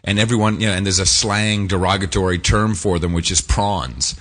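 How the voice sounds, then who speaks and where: A man's voice: deep voice, steady tone, fast, fairly bright tone. A man co-hosting a casual podcast, rambling through a film recap with fillers, restarts and laughs. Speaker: podcast co-host. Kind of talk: casual chat.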